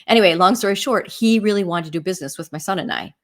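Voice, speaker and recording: A middle-aged Midwestern US woman who works in real estate teaches in a casual, chatty style, telling stories sprinkled with "right?" and "you know." She has a mid-range voice and talks fast.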